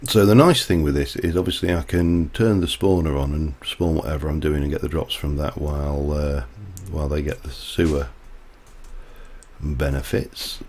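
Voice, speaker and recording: A man's voice: extremely low pitch, steady tone, normal speed, a little mellow. A man chatting casually while he plays, rambling off into side stories as he works. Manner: rambling, chatty, digresses mid-task. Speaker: livestreamer. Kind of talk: casual gameplay commentary.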